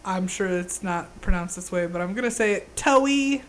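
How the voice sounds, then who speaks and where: A woman's voice: on the low side, fairly even intonation, brisk. A woman co-hosting a podcast in casual chat, talking eagerly and laughing often. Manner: chatty, enthusiastic, frequent laughter. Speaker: podcast co-host.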